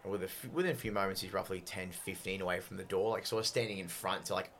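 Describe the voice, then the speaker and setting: A man's voice: low-pitched, quick pace, fairly bright tone. A man narrating a tabletop game as game master, slipping into character voices.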